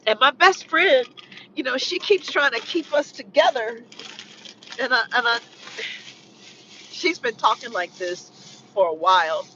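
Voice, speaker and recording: A vlogger in an emotional personal chat, talking in a rambling, halting way, full of "you know" and restarts. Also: medium pitch, expressive, pushed and bright, a little hiss or hum. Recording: muffled lo-fi recording.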